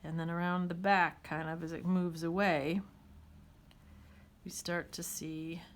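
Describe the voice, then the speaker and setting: A woman's voice: lowish voice, flat delivery, a little slow, a little hiss or hum. A woman teaching a watercolor demonstration, chatting and thinking aloud as she paints.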